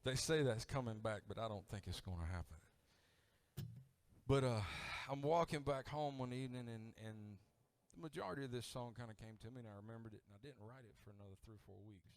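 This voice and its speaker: A middle-aged singer-songwriter from Alabama with a Southern accent, telling a folksy story on stage between songs. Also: male voice, medium pitch, brisk, no room sound. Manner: folksy, laid-back storytelling. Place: live music coffee house stage. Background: acoustic guitar playing.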